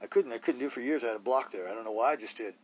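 A man's voice: mid-range voice, very fast, slightly rough. A man hosting a solo podcast, talking bluntly and rawly in a rambling way, full of rhetorical questions. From Idaho, US. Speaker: podcast host.

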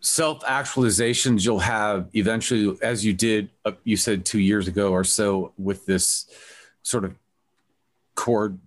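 A man's voice: fairly low pitch, steady tone, a little slow. A man hosting an interview, chatting casually and telling rambling stories. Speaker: interview host.

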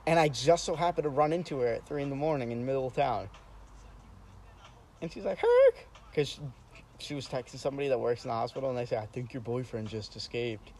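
A young man telling a story in casual chat, animated and profane, often laughing. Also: medium pitch, fast, slight background noise, rough recording.

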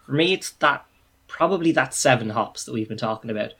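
Guy, medium voice, animated, acting out what he'd say. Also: mid-range voice, brisk, husky. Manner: animated, acts out reactions. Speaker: podcast co-host. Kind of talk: casual chat.

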